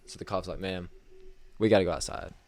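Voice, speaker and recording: Animated low-voiced man telling a story. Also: brisk. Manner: animated, acts out quoted people with a raised voice. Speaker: podcast co-host. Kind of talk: casual chat, storytelling.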